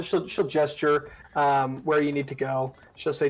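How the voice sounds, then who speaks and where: A man's voice: fairly high pitch, level tone, measured pace, hardly any pauses, poor audio. A man narrating as dungeon master in a casual, rambling way, with many fillers and restarts. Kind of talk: narrating a tabletop game.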